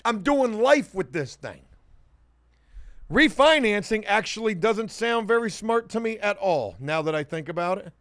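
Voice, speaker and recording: A man with a high-pitched voice, hosting a casual livestream and chatting with viewers. He jokes around, hyping things up loudly and then dropping into quiet mumbled asides, all in a dry, close sound. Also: animated, unhurried, no room sound. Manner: joking, swings between loud hype and muttered asides. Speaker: livestream host. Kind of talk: casual livestream chat reading comments.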